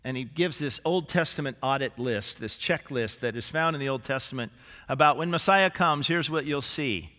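A male senior pastor preaching a sermon in a church, animated and lively, with humorous asides and acted-out quotes. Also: medium pitch, normal speed. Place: church sanctuary. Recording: live church recording with long hall reverb.

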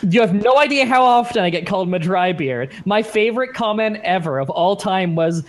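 A man's voice: high-pitched, lively intonation, brisk, rough recording. A man guesting on a live gaming podcast, chatting casually, rambling and swearing with a self-deprecating streak. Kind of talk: casual chat. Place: home setup, reading live chat.

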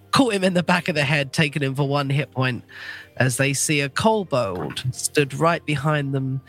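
Man with a cold as a playful game master, voice a touch higher than most, music faint behind. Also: fairly bright tone. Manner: playful, laughing asides. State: has a cold. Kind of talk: recapping a tabletop game.

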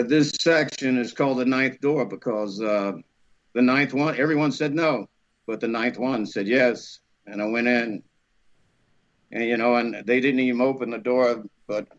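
A man, an actor guest, telling a lively anecdote, acting out voices and laughing often. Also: medium pitch, highs cut off. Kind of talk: animated storytelling.

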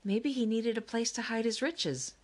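A woman's voice: on the high side, moderate pace, voice pushed up, close to an everyday voice. A woman doing an eager, impatient girl. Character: eager impatient girl, sibling who sketches. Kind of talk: audiobook character reading.

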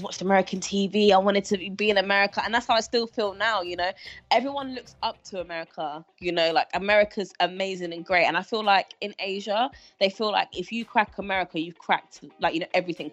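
A woman's voice: medium pitch, muffled recording. A woman from Britain, talking emphatically in casual podcast chat. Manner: animated, emphatic, laughs often.

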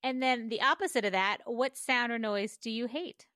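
Bright high-voiced woman co-host. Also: moderate pace, no room sound, studio quality. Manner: friendly, laughs often. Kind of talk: casual chat.

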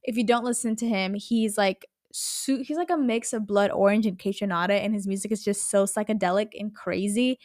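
A woman hosting her own podcast, talking casually in an animated, rambling way and swearing a lot. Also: medium pitch, brisk, hardly any pauses, no room sound, clean studio sound. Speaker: podcast host. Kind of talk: casual solo podcast chat.

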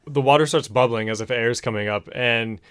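A young man hosting a casual talk show, excitedly and profanely retelling a movie plot and saying "dude" often. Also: mid-range voice, fairly quick, smooth, no echo, studio quality. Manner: excitable, profane storytelling, says "dude" a lot. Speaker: podcast host. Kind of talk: casual movie recap chat.

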